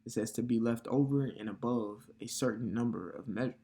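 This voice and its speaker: Brisk and dark-toned at a medium pitch, a bible teacher gives a casual sermon on scripture. His conversational style is loose, peppered with offhand swearing and constant tags such as "okay" and "all right."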